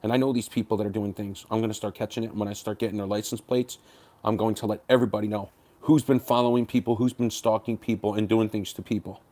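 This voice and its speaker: A man's voice: lowish voice, darkish tone. A man livestreaming to his chat, ranting bluntly and confrontationally, with sarcastic jabs at viewers.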